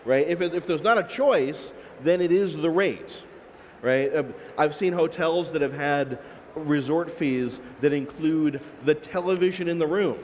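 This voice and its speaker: A man's voice: on the high side, a little slow. A man on a panel, explaining analytically, with frequent restarts and "right?" asides. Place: large expo hall. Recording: echoey expo hall with faint noise.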